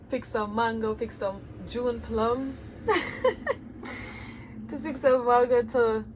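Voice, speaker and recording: A woman's voice: medium pitch, noisy background. A woman with a Jamaican accent talking to her viewers in a reflective, heartfelt vlog. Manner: earnest, heartfelt, addresses viewers directly. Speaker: vlogger.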